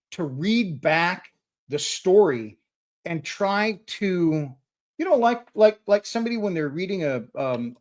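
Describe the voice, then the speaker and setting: A middle-aged man hosting a live Q&A from his hobby workspace, talking in an excitable, rambling way and often repeating words as he starts a sentence. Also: sits high. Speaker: host. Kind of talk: live-stream Q&A chat.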